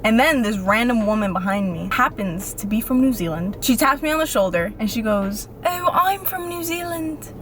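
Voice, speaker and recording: A young woman vlogging in a chatty, animated way, repeating phrases for emphasis. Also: mid-range voice, brisk, few pauses, faint music behind. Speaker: faith vlogger. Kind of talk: casual talk to camera.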